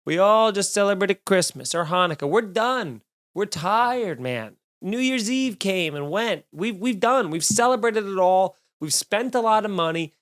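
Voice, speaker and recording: A man's voice: sits high, animated, a little slow, fairly bright tone. A young man hosting his own comedy podcast alone, ranting in a sarcastic, rambling, self-deprecating way. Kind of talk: solo comedic rant. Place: home studio, drinking while recording.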